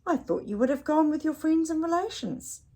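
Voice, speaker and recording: A woman voicing a kindly male park keeper in a storybook, gentle and helpful. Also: high voice, animated, a little fast, voice pushed up.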